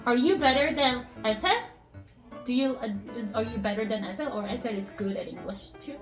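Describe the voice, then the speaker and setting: A woman English teacher leading a phonics lesson with young children, speaking slowly and encouragingly and repeating words clearly. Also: a little high, reverberant, far from the mic, faint music behind. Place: classroom.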